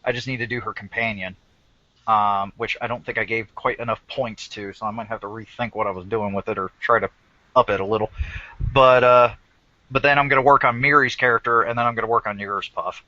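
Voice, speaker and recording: A man's voice: on the low side, steady tone, fairly quick, sharp tone, no room sound, highs cut off. A man co-hosting a gaming podcast, chatting casually and teasing his friend. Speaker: podcast co-host and game master. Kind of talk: casual chat.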